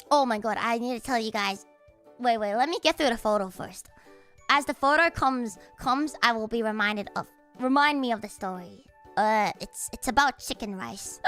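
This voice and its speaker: Animated high-voiced young woman streamer. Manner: chatty, animated, laughs loudly and often. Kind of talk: casual chat stream.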